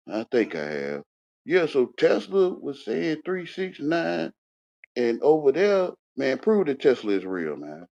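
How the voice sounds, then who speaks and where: A man rants and scolds, repeating himself as he swings between loud outbursts and low mutters. His pitch jumps around a lot. The audio is dull and lo-fi. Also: gravelly. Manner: repetitive, confrontational, swings from shouting to muttering. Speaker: panel speaker. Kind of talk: heated casual rant. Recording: dull lo-fi sound.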